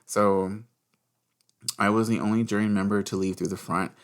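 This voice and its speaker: Man, very low voice, gravelly fry, casual storytelling, candid and profane. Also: steady tone, normal speed. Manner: candid, swears freely, acts out quotes. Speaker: podcast host.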